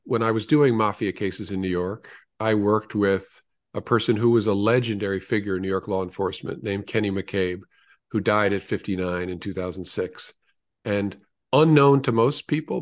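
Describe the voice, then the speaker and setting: A man in his sixties, an author being interviewed, tells stories in an earnest, reflective manner with small restarts. His voice is on the low side.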